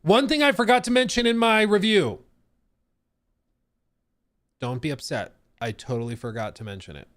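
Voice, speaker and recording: A young man hosting a live stream, chatting casually and joking with his chat in an animated way. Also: sits high, moderate pace, long pauses, faint music behind. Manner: animated, jokey, reacting to chat. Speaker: streamer host.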